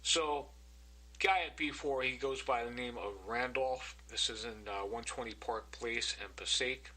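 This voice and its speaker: Man, very bright tone, husky, indignant narration, accusing, repetitive. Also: medium pitch, unhurried, low-quality recording. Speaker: vlogger narrating his own recordings. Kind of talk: angry complaint narration.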